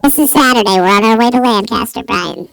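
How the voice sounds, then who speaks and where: Man putting on a gravelly bossy driver buddy. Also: high voice, brisk, no room sound, pitched above the performer's own voice. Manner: bossy, crude, deadpan. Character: bossy crude male friend driving in snow.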